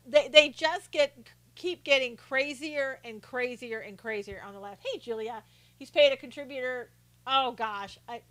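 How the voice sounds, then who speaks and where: A woman's voice: sits high, no room sound. A woman hosting a live stream in casual chat, telling stories with frequent laughs and greeting viewers by name as she answers their comments. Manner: animated storyteller with frequent laughs.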